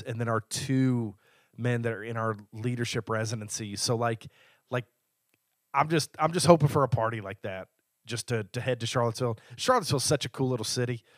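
A man's voice: mid-range voice, dry recording, clean studio sound. A man co-hosting a church podcast as an elder, talking in an eager, teasing, casual way. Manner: enthusiastic, teasing. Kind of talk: casual chat.

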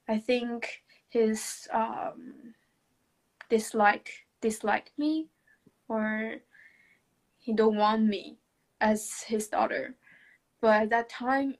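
A woman whose voice is on the high side tells a personal story in conversation. She speaks hesitantly, with frequent restarts, soft laughter and non-native English grammar.

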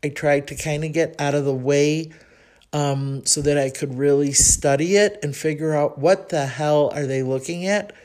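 A woman with a Chicago accent hosts her own podcast and tells a story from her life. She speaks in a chatty, reflective way and thinks aloud. Her talk is full of small pauses and restarts. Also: sits low, fairly even intonation, a little mellow. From Chicago, United States. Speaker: podcast host. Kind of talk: personal storytelling monologue.

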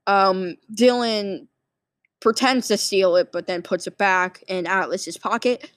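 A woman's voice: mid-range voice, fairly even intonation, slow pace, a bit bright, no echo. Sleepy rambling woman, dry close sound. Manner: rambling, many fillers and restarts. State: sleepy, yawning. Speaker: movie recap vlogger. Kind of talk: casual rambling plot summary.

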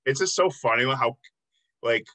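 A man's voice: mid-range voice, expressive, normal speed, bright, forceful tone, low-quality recording. A man hosting a casual band interview, rambling and swearing freely with lots of filler words. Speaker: podcast interviewer.

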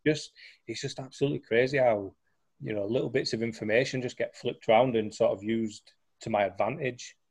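A young man shares his recovery story as a guest in casual conversation, his medium-pitched voice a little fast, darkish, and breathy at the edges. He's a chatty storyteller who restarts sentences often and leans on lots of fillers.

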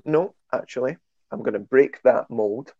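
A Scottish man in casual conversation, animated and self-deprecating as he tells his stories. His voice sits at an ordinary pitch. The sound is dry and a little dull, as if close to a modest microphone. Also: moderate pace, dry recording. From Scotland. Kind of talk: casual chat.

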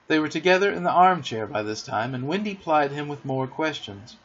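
A man narrating a children's storybook in an animated, theatrical reading, recorded dull and lo-fi. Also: medium pitch, brisk, few pauses, breathy edge. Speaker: audiobook narrator.

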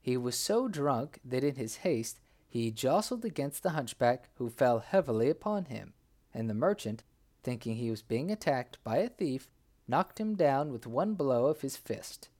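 A man in a mid-range voice takes his time reading a folk tale aloud. As narrator he stays lively, giving the characters' cries real life.

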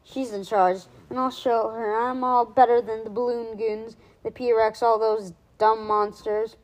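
A woman's voice: a little high, level tone, a little slow, close to an everyday voice, low-quality recording. A woman reading aloud and voicing a smug, taunting male crab monster in a storybook. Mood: boastful. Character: boastful sneering giant crab monster, male.

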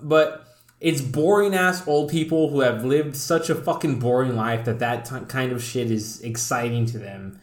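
A man with a South Texas accent hosts a loose podcast chat. He speaks at an ordinary pitch, swears without a second thought and is quick to make fun of himself. The room around him has a noticeable echo. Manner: profane, blunt and self-mocking. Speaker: podcast host.

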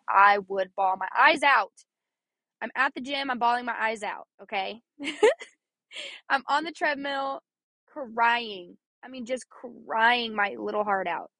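A woman's voice: fairly high pitch, a bit bright, dry recording. A young woman from Missouri hosting a podcast, talking earnestly and chattily about faith, often repeating herself and laughing. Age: young adult. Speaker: podcast host. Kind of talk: personal faith talk.

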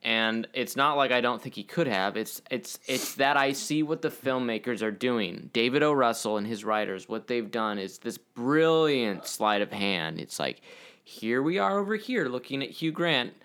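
A man's voice: medium pitch, expressive, normal speed, fairly bright tone, smooth. A man co-hosting a podcast that reviews a TV series, recapping the plot and making predictions with playful enthusiasm. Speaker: podcast co-host. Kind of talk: casual TV review chat.

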